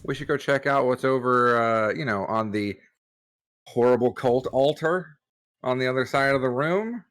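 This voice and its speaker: A man's voice: medium pitch, normal speed, fairly bright tone. A man with a mid-range voice plays in a casual tabletop game. His speech is hesitant and full of fillers, and he jokes with the group as he goes. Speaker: player. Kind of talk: casual tabletop role-play.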